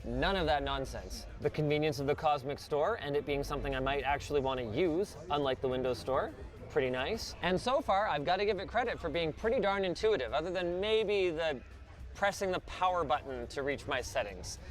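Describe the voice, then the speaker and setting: Excitable higher-voiced man, tech commentary. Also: a little fast, soft background music. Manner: excitable, exclamatory while gaming. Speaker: tech video host.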